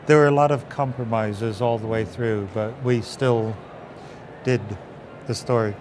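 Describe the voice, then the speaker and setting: A man from England recalls stories in an interview, slipping into other people's voices as he tells them. A steady hum of traffic noise sits under his voice. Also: medium pitch, unhurried. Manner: animated storyteller acting out quotes. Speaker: puppeteer guest. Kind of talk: interview anecdotes.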